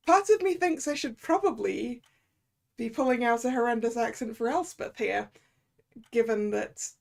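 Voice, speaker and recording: A woman's voice: fairly high pitch, creaky. A woman streamer commenting casually on a game, chatty and giggly, poking fun at herself. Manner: chatty, giggly, self-mocking.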